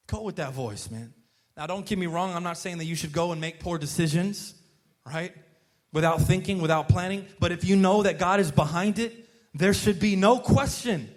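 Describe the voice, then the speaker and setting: A man's voice: high-pitched, normal speed. A man preaching a casual, conversational sermon as a pastor, earnest and informal, often tossing in "man" and "right?" and restarting his sentences.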